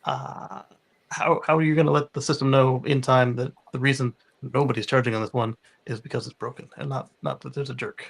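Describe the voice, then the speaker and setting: A man's voice: mid-range voice, fairly even intonation, fairly quick, creaky. A man co-hosting a podcast, chatting casually and rambling with many restarts. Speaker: podcast co-host. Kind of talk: casual panel chat.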